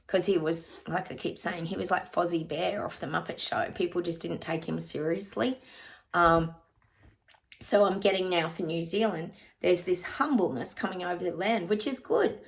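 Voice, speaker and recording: A woman's voice: medium pitch, vocal fry. A woman giving a casual psychic reading, chatting to her viewers as "guys" and breaking into bits of song. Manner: breaks into short bits of song and laughs often.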